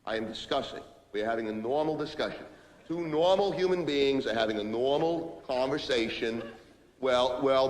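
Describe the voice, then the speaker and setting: A man playing a loud, pushy, self-pitying business executive, barking sarcastic lines into a phone in a stage monologue. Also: medium pitch, natural voice. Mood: placating. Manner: barking, sarcastic, rapid-fire phone rant. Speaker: stage actor in a one-man play. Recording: echoey hall with long reverb, faint ambience.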